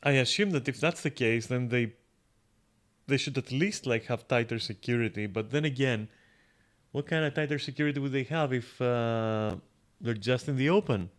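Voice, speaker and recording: A man's voice: mid-range voice, normal speed. Rambling, swearing male game streamer. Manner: rambling, swears freely, thinks aloud with many fillers. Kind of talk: casual gameplay commentary.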